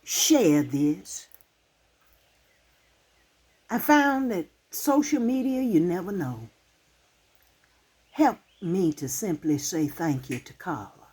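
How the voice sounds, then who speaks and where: A woman in her sixties who hosts her own channel and talks straight to camera. Her voice is soft and breathy and lower than most, and she speaks slowly. It rises and falls a lot, and her manner is heartfelt, halting and emotional. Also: expressive. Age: 60s. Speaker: channel host. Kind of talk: casual talk to camera.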